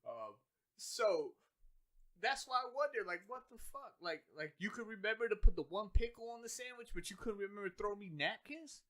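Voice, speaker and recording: Animated high-voiced man ranting. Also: brisk. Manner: animated ranting, heavy profanity, slangy. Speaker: podcast co-host. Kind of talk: casual chat.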